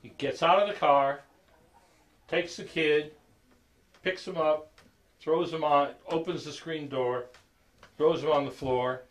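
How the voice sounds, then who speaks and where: A man telling a story to a group in a halting, conversational way, full of fillers, acting out the quoted lines. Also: on the high side, fairly even intonation, rough recording. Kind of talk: casual spoken storytelling.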